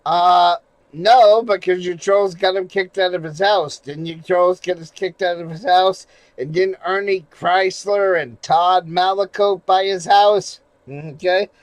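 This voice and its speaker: A man live streaming in casual chat, rambling and swearing, going from mumbles to loud rants. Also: high-pitched, fairly even intonation, measured pace, no room sound, rough recording. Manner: rambling, profane, shifts from mumbling to loud ranting.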